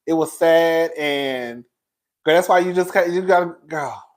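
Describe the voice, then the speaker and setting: A man's voice: on the high side, measured pace. Sassy, emotional man in his forties. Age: 40s. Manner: sassy, emotional, gossipy chatter. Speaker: commentary channel host. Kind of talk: casual livestream chat.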